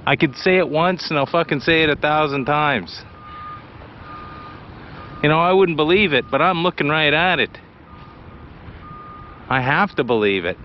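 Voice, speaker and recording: A man from British Columbia talking to his camera while walking outdoors, blunt, excitable and full of swearing. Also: a little high, normal speed, pauses often, muffled recording, a little hiss or hum. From British Columbia, Canada. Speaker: vlogger. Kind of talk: casual walking vlog. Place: outdoors by a city beach.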